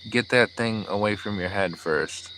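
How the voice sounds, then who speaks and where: A man reading as a gentle, wry old man. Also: on the low side, moderate pace, a little hiss or hum, low-quality recording. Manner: soft, steady, coaxing.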